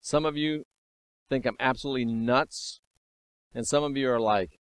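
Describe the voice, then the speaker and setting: A man's voice: medium pitch, moderate pace, pauses often, no echo. Emphatic preachy man in his fifties. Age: 50s. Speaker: channel host. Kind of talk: motivational spiritual monologue.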